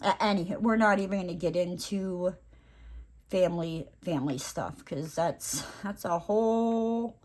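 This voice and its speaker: A woman's voice: lowish voice, unhurried, darkish tone. A woman vlogger chatting casually while she crafts, rambling with lots of fillers and playful asides.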